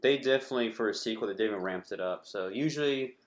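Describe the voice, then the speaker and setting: Low-voiced laid-back podcast guy. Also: very fast. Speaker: podcast co-host. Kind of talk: casual movie review chat.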